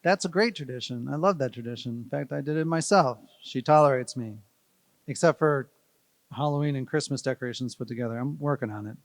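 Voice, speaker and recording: A man's voice: medium pitch, a little fast, no echo. A man giving a playful, rambling wedding speech at a reception, joking with the crowd. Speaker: wedding guest giving a toast.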